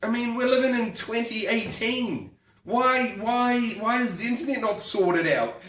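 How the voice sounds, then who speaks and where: Tipsy, ranting New woman, high voice. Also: unhurried, a bit bright, roomy sound, distant mic, poor audio. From New Zealand. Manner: indignant, sweary, rambling. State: drunk. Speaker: vlogger. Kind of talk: casual ranting monologue.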